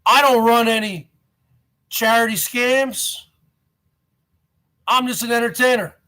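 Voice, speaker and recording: A man hosting a live stream, ranting and badgering his viewers with repeated questions and bursts of shouting. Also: sits high, slow, pauses often. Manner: shouts to whip up the audience.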